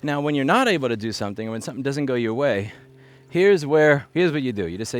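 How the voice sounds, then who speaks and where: The speaker is a male repair activist vlogger who talks fast and expressively at a medium pitch. He's outdoors gathering litter, ranting bluntly off the cuff into a headset microphone, with sarcastic asides along the way.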